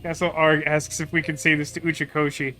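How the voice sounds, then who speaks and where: Guy streaming a game, high bright voice, rambles a lot, faint music behind. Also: little pitch movement, fairly quick. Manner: wry, rambling, with many "like"s. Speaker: gaming streamer. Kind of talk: casual game commentary.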